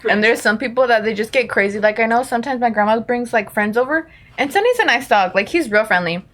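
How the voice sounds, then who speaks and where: A woman's voice: a little high, expressive, fast talker, fairly bright tone. Laughing, slangy young woman co-host. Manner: laughs often, slangy and playful. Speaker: podcast co-host. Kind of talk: casual chat.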